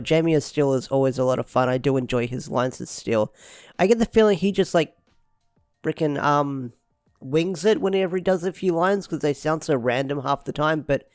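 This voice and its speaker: A man's voice: a little high, a little mellow, no room sound, studio quality. A young man giving a casual, rambling review of a TV episode, repeating himself with lots of fillers. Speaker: show reviewer.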